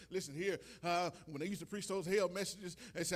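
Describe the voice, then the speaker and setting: High-pitched impassioned preacher man. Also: lively intonation, quick pace, few pauses. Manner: impassioned, builds to shouting, repeats phrases; stammers and restarts, chuckles. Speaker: pastor. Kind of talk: sermon.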